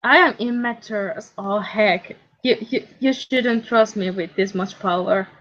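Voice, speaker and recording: A woman's voice: medium pitch, unhurried, fairly bright tone. A woman co-streaming in casual chat, teasing and often stammering over her words. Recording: dull lo-fi stream audio.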